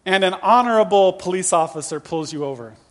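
A male pastor in his fifties preaching a sermon with lively, humorous storytelling. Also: high-pitched, a little fast. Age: 50s.

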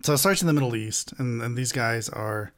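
Man, casual movie chat, rambling and halting delivery, swears a lot. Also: mid-range voice.

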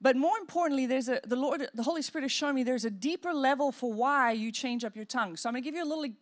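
A woman pastor preaching a sermon in an animated way, acting out inner voices and demonstrating praying in tongues. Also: sits high, fast.

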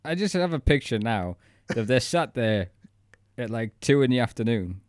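A man's voice: mid-range voice, big pitch swings, normal speed, no echo, studio quality. A man co-hosting a podcast, chatting in a reflective, rambling way. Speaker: podcast co-host. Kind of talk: casual chat.

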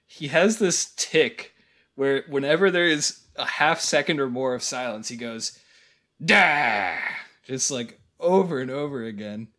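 A man's voice: mid-range voice, moderate pace, fairly bright tone. A man co-hosting a podcast, giving wry, rambling movie critique and laughing often. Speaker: podcast co-host. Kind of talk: casual chat.

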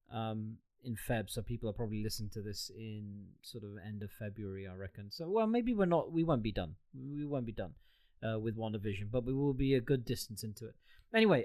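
A man's voice: mid-range voice, clean tone. Chatty male podcast host, loose and jokey, on a video call. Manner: chatty, rambling, quick to joke. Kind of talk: casual chat.

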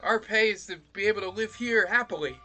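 A man doing a contented miner, earnest, high-pitched, bright, tabletop game. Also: a little fast, soft background music. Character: contented simple male miner, devoted to milk.

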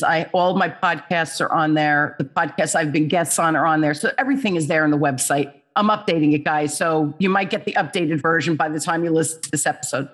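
A middle-aged woman, a guest on a podcast, telling a story in an animated, expressive way. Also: low-pitched. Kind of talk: storytelling in an interview.

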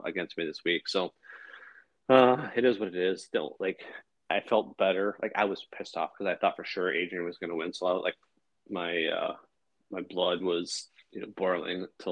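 Man, deep gravelly voice, casual rambling chat, swears a lot, dry slightly dull recording. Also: fairly even intonation, moderate pace, dry recording. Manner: rambling, swears often, many fillers. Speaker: fantasy football podcast co-host.

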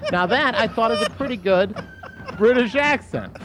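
A male podcast co-host chatting casually and rambling, with frequent filler pauses. His voice is high and lively, swinging widely in pitch. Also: soft background music. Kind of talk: casual comedy chat.

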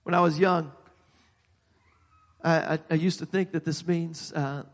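A man preaching a sermon, halting and repeating words, growing emphatic as he goes. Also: a little high, fairly even intonation, in a large hall.

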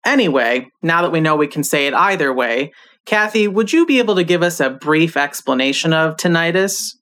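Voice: mid-range voice, lively intonation, fairly quick, a bit bright. American co-host, eager and welcoming. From United States. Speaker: podcast co-host.

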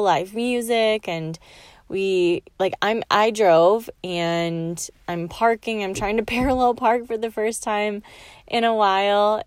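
A woman's voice: medium pitch, clear, resonant tone, no room sound. A young woman hosting a podcast, telling a personal story in a chatty way, full of "like" fillers. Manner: soft, slow and soothing in the meditation, quietly whispering at times; chatty and animated, with many "like" fillers. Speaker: podcast host. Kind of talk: guided relaxation, then casual storytelling.

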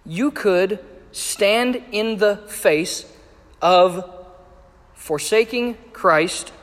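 A man preaching a sermon, measured and emphatic as he reads and explains scripture. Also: high voice, a bit bright. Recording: echoey hall with long reverb.

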